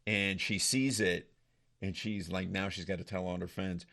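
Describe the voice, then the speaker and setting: Gravelly older man telling jokes. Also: low voice, level tone, moderate pace, sharp tone. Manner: profane, self-mocking joke-telling. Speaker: comedian guest. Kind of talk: casual storytelling.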